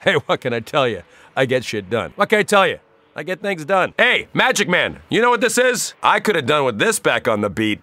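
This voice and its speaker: Jackie Vincent, foul-mouthed New cop. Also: male voice, fairly high pitch, bright, forceful tone, dry recording, exaggerated voice. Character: foul-mouthed hard-drinking male noir city cop, middle-aged, tough. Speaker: game character. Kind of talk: video game voice lines.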